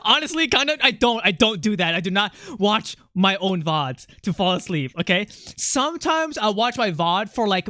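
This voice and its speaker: While playing a game on stream, this person speaks through a voice changer in loose, excitable chatter, often laughing and reacting to what chat says. Their mid-range voice comes through studio-quality audio with no room sound.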